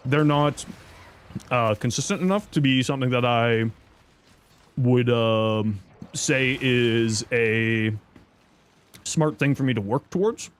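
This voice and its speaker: A man livestreaming in casual chat, reading viewer messages aloud and thanking subscribers, thinking out loud. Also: takes it slowly, pauses often, smooth. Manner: squeaky high-pitched outbursts of surprise. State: chewing an apple.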